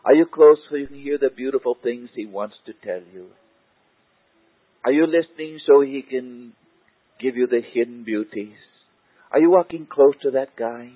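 A man preaching a sermon and praying aloud, repeating his phrases and often falling to a hushed voice. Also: mid-range voice, normal speed, slightly rough, dry recording. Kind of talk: sermon and spoken prayer. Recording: tinny, narrow-band lo-fi recording.

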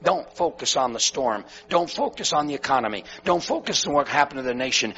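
A man preaching a sermon, moving from loud exhortation to hushed, quiet storytelling. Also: mid-range voice, animated, a little fast, hardly any pauses, slightly rough. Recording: dull lo-fi recording with faint music and mains hum.

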